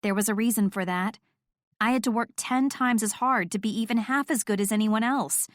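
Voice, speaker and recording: A woman's voice: a little high, normal speed, no echo, studio quality. Wry woman reading a romance audiobook. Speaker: audiobook narrator. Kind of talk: first-person romance narration.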